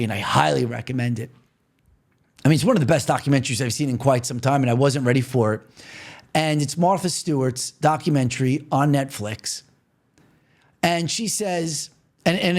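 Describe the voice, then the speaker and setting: A man's voice: medium pitch, animated, moderate pace, a little mellow. A man from New York hosting a podcast, talking earnestly and repetitively straight to the listener in a motivational monologue. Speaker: podcast host.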